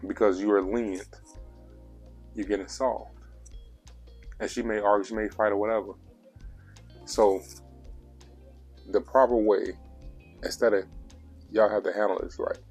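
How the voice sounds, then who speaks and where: A man's voice: on the low side, level tone, a little slow, pauses often, a little mellow, husky, soft background music. A man giving blunt relationship advice in a casual vlog monologue, preachy and repetitive, with coarse language.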